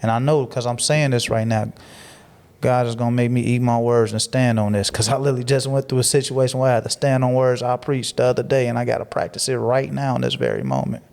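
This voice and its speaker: A guest on a casual podcast, this man speaks fast in a mid-range voice with vocal fry. His tone is preachy and motivational; he repeats phrases for emphasis and grows more animated as his stories unfold.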